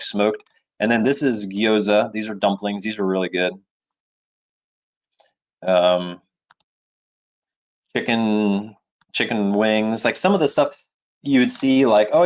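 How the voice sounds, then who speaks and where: A middle-aged man with a fairly low voice spins a chatty story to his live chat. He wanders through asides and fillers and talks casually into a desk mic. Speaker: travel vlogger.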